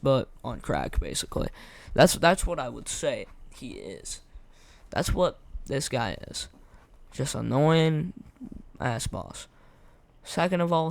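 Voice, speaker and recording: A young man giving casual, rambling gameplay commentary, his voice going hoarse, slangy and repeating himself. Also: medium pitch, very animated, a little slow, no room sound. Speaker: gaming content creator.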